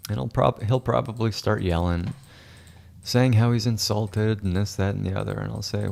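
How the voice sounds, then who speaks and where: A man with a very low, gravelly voice rambles through casual livestream commentary. He jokes and boasts as he works, and he slips into a whisper for his asides. There is a steady rasp at the bottom of his voice. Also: normal speed. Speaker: photo editor streaming his work.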